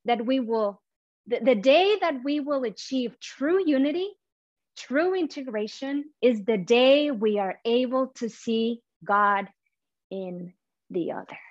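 A woman preaching in English, which is not her first language, her voice a little high and earnest. She speaks from the heart, pausing and restarting as she reaches for words. The sound is close and dry but a bit muffled. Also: lively intonation, dry recording. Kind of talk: sermon.

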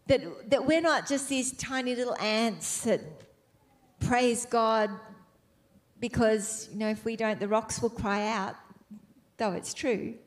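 Her voice a little high, a woman delivers a fervent sermon. She eases off and softens on the key phrases, then climbs toward emphatic exclamations.

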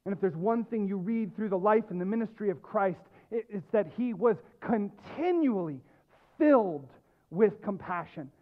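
A male pastor preaching a sermon, emphatic, dropping low and quiet and then rising with loud stress. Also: animated, normal speed. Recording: tinny phone-like lo-fi sound.

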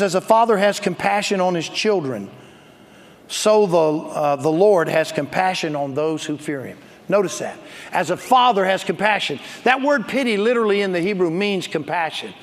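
A male pastor preaching a sermon, building to shouts and calling on the congregation to respond. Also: high voice, in a large hall.

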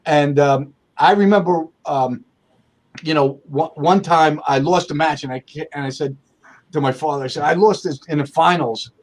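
A man with a somewhat high voice tells stories from his own career as an interview guest. He speaks conversationally, restarting sentences often and acting out what other people said. He is from the United States. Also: normal speed. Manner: conversational, many restarts, acts out quoted dialogue. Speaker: accountant and firm owner, guest. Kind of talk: storytelling interview answers.

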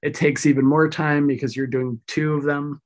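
A woman with a deeper feminine voice, speaking as a guest on a podcast. She talks in a relaxed, candid way, open and frank, with a casual curse now and then. Her delivery is conversational and unscripted. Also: moderate pace. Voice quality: deep feminine voice. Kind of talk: casual chat.

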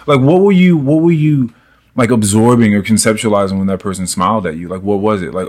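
A man's voice: on the low side, fairly quick, darkish tone. A man hosting a casual podcast, laid-back and asking probing follow-up questions. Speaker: podcast host.

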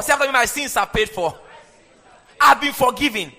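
A man's voice: extremely high pitch, moderate pace, pauses often. A man preaching a sermon and having the congregation repeat his lines back to him. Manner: animated preaching, leads the congregation in call-and-response. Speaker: pastor. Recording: echoey hall with long reverb.

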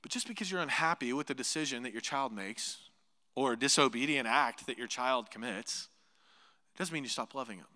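A man preaching a sermon as pastor, animated, voicing imagined speakers and dropping to hushed asides. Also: medium pitch, a little fast, long reverb tail. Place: church sanctuary.

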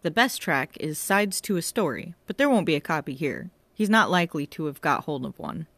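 A woman's voice: deep voice, sing-song, brisk, fairly bright tone, no echo, exaggerated voice. A woman voicing a talkative young male police constable who loves music, reading an audiobook. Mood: chatty.

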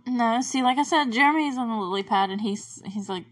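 A woman's voice: on the high side, brisk, no echo. Young female podcast host, casual rambling recap, giggly and quizzical; dry, slightly distant mic. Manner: rambling, chatty, laughs often, puzzled asides.

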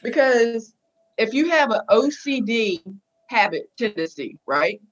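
A woman speaks as a podcast guest in a candid, casual way. She is emphatic and repeats key lines. Her voice is a little high, and the recording is dull and lo-fi. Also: animated, unhurried, a little hiss or hum. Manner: frank, emphatic, repeats herself. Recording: dull lo-fi sound.

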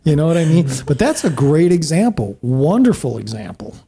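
A man hosting a casual church panel discussion, telling stories in an animated way. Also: a little high, normal speed, creaky, breathy edge. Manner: animated storyteller who acts out quotes. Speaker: podcast panel host.

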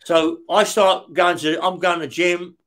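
Middle-aged man, high and light voice, interview guest, swears constantly and acts out the other voices in his tales. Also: steady tone, unhurried, fairly bright tone. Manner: heavy swearing, acts out the dialogue in his stories. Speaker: guest, former career criminal. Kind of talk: casual storytelling in an interview.

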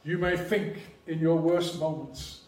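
A man preaching a sermon in a church, measured and emphatic, leaning hard on key phrases. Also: on the high side, steady tone, darkish tone. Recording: echoey church hall, mic at a distance.

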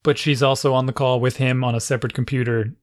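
A parent telling an exasperated story in a casual chat, animated and full of "like" fillers. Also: mid-range voice, fast talker.

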